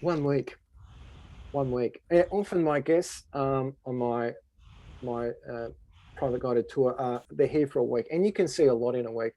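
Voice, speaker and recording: Aussie guy tour guide, gravelly, dry close sound, chatty and easygoing. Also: medium pitch, moderate pace, warm tone, no room sound. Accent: Australian. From Australia. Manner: easygoing, explanatory. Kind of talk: casual Q&A answers.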